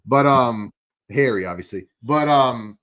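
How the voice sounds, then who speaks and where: A man's voice: medium pitch, a little slow, fairly bright tone. A man co-hosting a casual fight-sports livestream, rambling with heavy swearing and many fillers. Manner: rambling, profane, lots of fillers. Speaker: livestream co-host. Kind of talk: casual MMA livestream chat.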